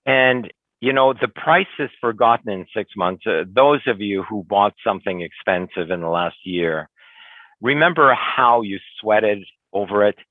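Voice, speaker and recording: A somewhat low-voiced older man delivers an earnest coaching lecture for real estate agents. His voice comes through a thin, phone-like video call line. The sound is dry, with no room around it. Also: animated, unhurried, no echo. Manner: earnest, lecturing, often acts out clients and agents. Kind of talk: webinar coaching talk. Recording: tinny phone-like dry webinar audio.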